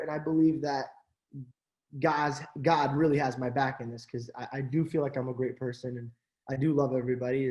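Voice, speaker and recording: A man's voice: medium pitch, a little mellow, roomy sound. A young man as interview guest, telling stories animatedly with many fillers and acted-out quotes. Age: young adult. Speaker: interview guest, actor and social media creator. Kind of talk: casual interview storytelling.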